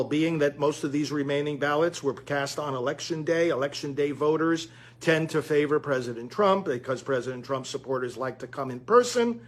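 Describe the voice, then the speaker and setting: A high, husky-voiced man delivers an earnest commentary monologue, speaking directly to his audience as friends. His voice carries a slightly raspy edge throughout. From United States. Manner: earnest, addresses listeners as friends.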